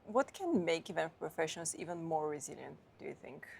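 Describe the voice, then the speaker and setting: A woman's voice: low-pitched, very animated, brisk, vocal fry, a little hiss or hum. A woman hosting a podcast interview, asking short questions and laughing easily. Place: live event booth.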